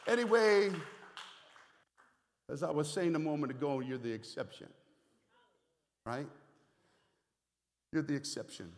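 High-voiced animated male pastor. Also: unhurried, long pauses, some chatter behind. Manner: animated, conversational preaching with asides and repetition. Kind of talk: sermon. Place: church sanctuary. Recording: reverberant hall.

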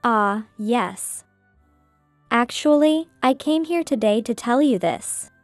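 A woman's voice: fairly high pitch, lively intonation, takes it slowly, no room sound, faint music behind. A woman narrator voicing a demanding young pregnant woman in her mid-twenties with a nasal, pushy way of asking for things. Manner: pushy, self-centered requests.

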